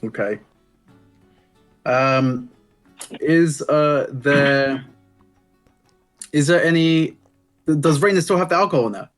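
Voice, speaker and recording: A man's voice: a little high, slow pace, long pauses, faint music behind. A man playing a tabletop game, hesitant and thinking aloud as he decides what to do. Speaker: player. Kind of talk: casual tabletop play.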